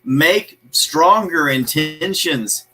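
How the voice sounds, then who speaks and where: A man's voice: fairly high pitch, animated, very slow, sharp tone, low-quality recording. A man hosting a live motivational show, talking emphatically in a preachy way, repeating his key phrases and greeting viewers by name.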